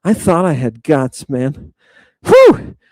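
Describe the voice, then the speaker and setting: Excitable, profane male live-stream host. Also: on the high side, unhurried, no room sound. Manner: excitable, profane, riffing on viewer comments. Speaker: livestream host reading chat. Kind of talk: casual live-stream chat.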